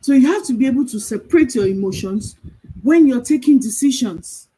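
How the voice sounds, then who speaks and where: A middle-aged woman, giving a calm motivational talk as a virtual assistant coach, telling stories and asking rhetorical questions. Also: a little high, a little fast, breathy edge, rough recording.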